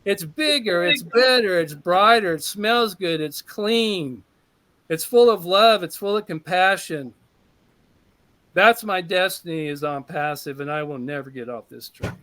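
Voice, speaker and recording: A man's voice: high voice, unhurried, bright, forceful tone, no echo. A man giving an emphatic, heartfelt personal testimony that builds with repetition. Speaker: testimonial speaker.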